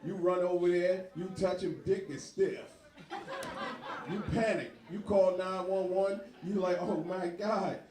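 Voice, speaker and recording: A man doing an animated, profane stand-up set on a bar stage, laughing through his lines. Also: high-pitched, measured pace. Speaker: stand-up comedian. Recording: echoey bar with crowd laughter.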